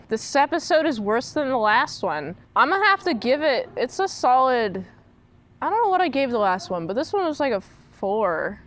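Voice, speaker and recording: A woman's voice: fairly high pitch, a bit bright, a little hiss or hum. A woman recapping and reviewing a TV show in a casual, sarcastic way, mocking the characters in put-on voices.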